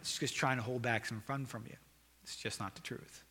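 A man preaching a sermon as a pastor, swinging from loud urgent calls to quiet earnest appeal. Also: mid-range voice, steady tone, a little fast, in a large hall.

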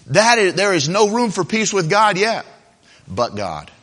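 A man preaching a sermon with fervor, moving from loud declarations to soft confiding tones. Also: sits high, a little slow. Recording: long hall reverb.

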